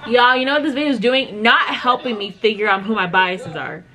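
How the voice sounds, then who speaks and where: A woman's voice: on the high side, a little fast. A woman hosting a reaction video, gushing and exclaiming as she talks to her viewers in casual chat. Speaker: YouTube reaction host. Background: music from the video being watched.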